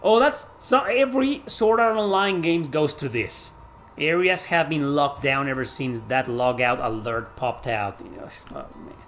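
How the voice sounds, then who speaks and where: Male game streamer, loose and profane, reacts loudly, slightly high pitch. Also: a little slow. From Mexico. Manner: excitable, swears, shouts at the game. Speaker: gaming streamer. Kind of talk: live gameplay commentary chatting with viewers.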